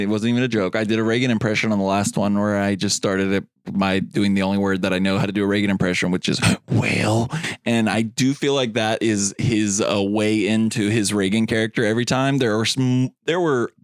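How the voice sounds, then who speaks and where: A man's voice: on the low side, dry recording, clean studio sound. A man co-hosting a podcast, chatting loosely about a movie, rambling, laughing often and swearing casually. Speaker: podcast co-host. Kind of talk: casual movie review chat.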